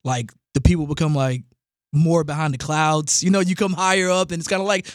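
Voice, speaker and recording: A man's voice: on the high side, fairly even intonation, a little fast, no room sound, studio quality. A young man hosting a casual podcast chat, laughing often and bantering in loose slang. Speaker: podcast host.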